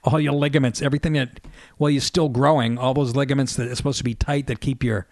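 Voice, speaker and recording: Fifty-something New radio host, profane storyteller, dry close mic. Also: male voice, medium pitch, steady tone, fast, darkish tone, no room sound. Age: 50s. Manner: profane, storytelling, laughs mid-sentence. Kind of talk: casual monologue.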